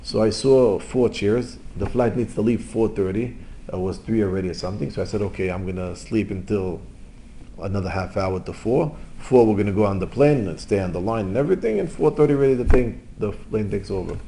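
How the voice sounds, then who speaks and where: Male rabbi, storytelling lesson in broken English, big swings from loud to hushed, faint background noise. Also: fairly low pitch, a little fast, creaky. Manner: animated storytelling, swings between loud exclamations and quiet asides; non-native English with Hebrew terms. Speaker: rabbi teaching. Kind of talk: informal Torah lesson with stories.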